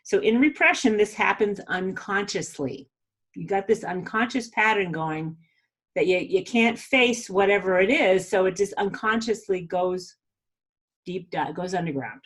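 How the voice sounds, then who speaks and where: A woman's voice: mid-range voice, a little slow, a bit bright. A woman hosting a podcast, giving a casual, chatty spiritual talk with frequent laughs and fillers. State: a little weepy. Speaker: podcast host.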